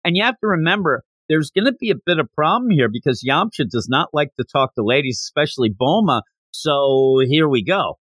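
A man hosting a podcast, recapping a comic in animated casual storytelling. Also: a little high, brisk, few pauses, no echo. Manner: animated storytelling, slipping into character voices. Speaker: podcast host.

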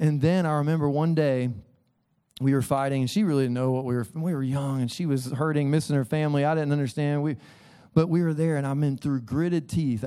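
A man's voice: medium pitch, mellow, smooth. Earnest man preaching a conversational sermon. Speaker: pastor. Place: church sanctuary.

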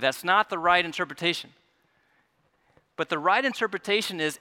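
A male pastor preaching a sermon in an earnest way, often repeating words as he restarts, dropping soft and rising again. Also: high voice, expressive, normal speed. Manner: earnest, stumbling repetitions, drops soft then rises.

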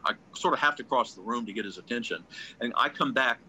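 A man, a ventriloquist guest, telling anecdotes in a casual, animated way, often restarting his sentences. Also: mid-range voice, quick pace, a little hiss or hum, rough recording. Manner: animated storyteller, restarts often, acts out quotes.

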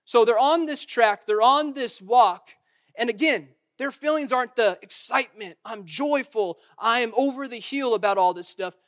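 A man's voice: extremely high pitch, normal speed, a bit bright. A man preaching a sermon in a conversational way, acting out quotes and often restarting his phrases. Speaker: pastor.

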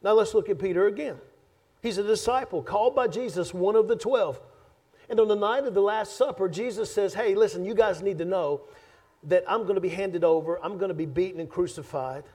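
A man preaching a sermon as pastor, emphatic and conversational, swinging between loud and soft, joking with his congregation. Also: high-pitched, expressive, fairly quick, husky. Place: church sanctuary.

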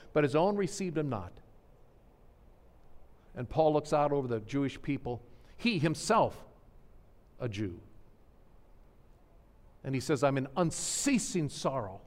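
A man preaching a sermon, swinging between hushed, sorrowful passages and soaring, fervent proclamation. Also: on the high side, animated, a little slow, long pauses, in a large hall. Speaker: pastor.

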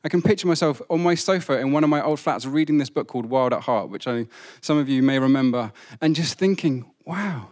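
A man's voice: medium pitch, quick pace, hardly any pauses, a little mellow. A man, preaching a sermon in a conversational, self-deprecating way.

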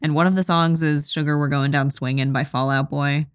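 Low-voiced playful young woman. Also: steady tone, brisk, clean tone, no room sound, studio quality. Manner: playful, retells stories in slangy paraphrase. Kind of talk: casual chat.

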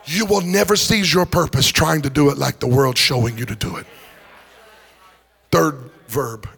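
A man's voice: on the high side, normal speed, creaky, fairly bright tone, husky. A middle-aged man preaching a sermon in a church, swinging into sing-song rises and joking with the congregation. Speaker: pastor. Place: church sanctuary.

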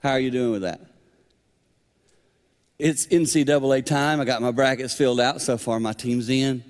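A man in his fifties delivers a sermon in a big hall, his voice trailing off in a long reverb. He is animated, jumping from loud, high exclamations down to near whispers. His pitch sits in an ordinary middle range. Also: normal speed. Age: 50s. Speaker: preacher. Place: large hall with young audience.

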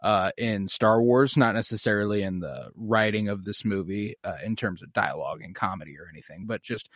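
A man co-hosting a podcast in casual chat about a film, lively and prone to acting out quotes. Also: fairly low pitch, brisk, no room sound, clean studio sound. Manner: animated, puts on silly voices when quoting scenes. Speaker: podcast co-host. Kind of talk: casual movie discussion.

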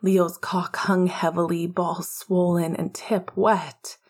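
A woman narrating an audiobook in a hushed, intimate way, often half-whispering. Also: lowish voice, flat delivery, slow pace, breathy edge.

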